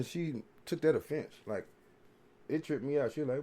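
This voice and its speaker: A man's voice: mid-range voice, expressive, moderate pace, mellow. A man hosting a podcast, rambling through a casual, profane, preachy monologue full of repeated filler phrases. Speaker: podcast host.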